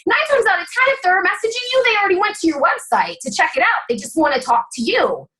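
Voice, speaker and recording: Fired-up high-voiced woman coaching sales. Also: sing-song, fast talker, a bit bright, poor audio. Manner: fired-up, emphatic, blunt. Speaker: guest speaker on a sales coaching call. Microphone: video call.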